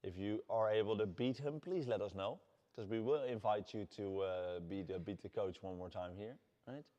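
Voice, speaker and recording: A man with a Dutch accent leading a workout class as fitness coach, shouting energetic encouragement. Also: lowish voice, moderate pace, muffled recording. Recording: long hall reverb.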